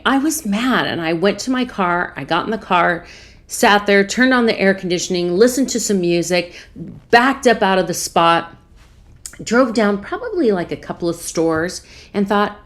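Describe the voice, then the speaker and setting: A woman podcast host earnestly retelling a personal story, acting out both sides of a conversation. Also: mid-range voice. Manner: earnest, calm, measured.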